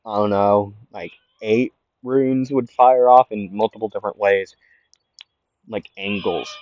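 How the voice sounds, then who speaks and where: A man's voice: medium pitch, a little mellow, no echo, lo-fi sound. A young man improvising a what-if fan story, rambling and correcting himself as he goes, on a home mic. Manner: rambling, self-correcting, lots of fillers.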